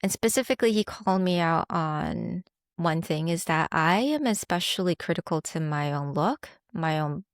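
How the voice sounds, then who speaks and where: A woman's voice: fairly low pitch, expressive, moderate pace, no echo. A young adult woman hosting a podcast, talking candidly and reflectively about her own experience, with small laughs along the way. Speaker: podcast host. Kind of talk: candid personal monologue.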